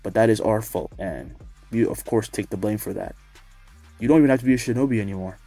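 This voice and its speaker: A man's voice: fairly low pitch, fast talker, vocal fry, warm tone, dry recording, faint music behind. Long-winded feudal lord, read by a man. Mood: formal. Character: pompous male feudal lord, fussy and formal.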